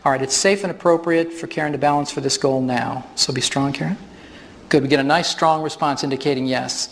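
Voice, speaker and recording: Speaking fairly quickly in a gravelly, fairly high voice, a man runs a live workshop demo on stage, narrating what he does and laughing frequently. The recording catches the echo of the big hall and its audience, plus slight background noise.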